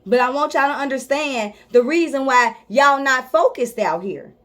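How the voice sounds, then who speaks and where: A woman's voice: high voice, moderate pace, fairly bright tone. A woman life coach giving a motivational talk straight to her viewers, emphatic and informal, repeating her key points to drive them home. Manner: speaks directly to viewers, informal.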